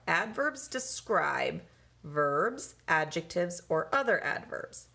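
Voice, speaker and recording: A woman's voice: fairly low pitch, a bit bright. A woman teacher giving a recorded grammar lesson to young children, patiently asking questions and answering them herself. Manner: slow, patient, asks and answers own questions.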